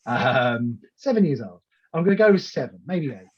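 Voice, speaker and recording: A man in casual interview chat as a wrestling promoter, telling animated stories full of restarts and acted-out quotes. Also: medium pitch, moderate pace, husky, muffled recording. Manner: animated storyteller who acts out quoted lines, with many restarts.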